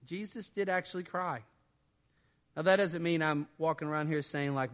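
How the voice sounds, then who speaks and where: A man preaching a sermon as pastor, conversational with "right?" asides, swinging between loud emphatic peaks and quiet low passages. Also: normal speed.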